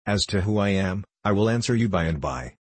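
A man voicing a dignified, formal old gentleman over sixty-five in a storybook reading. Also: low voice, expressive, a little fast, dry recording. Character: dignified robust gray-haired old gentleman.

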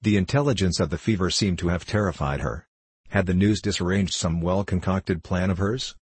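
A man reading a classic novel aloud as a narrator, in a measured, even manner and lightly voicing the characters' dialogue. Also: deep voice, husky, no echo. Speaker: audiobook narrator.

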